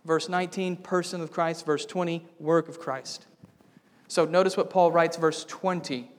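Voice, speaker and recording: A man's voice: fairly high pitch, fairly even intonation, normal speed. A man preaching a sermon as pastor, building to bold, emphatic declarations. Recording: long reverb of a church hall.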